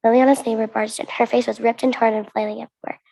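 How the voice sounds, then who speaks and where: A woman's voice: a little high, flat delivery, fast, gravelly, warm tone. A young American woman reading her own story aloud to a conference audience, earnest and with restarts. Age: teens. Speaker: student reader.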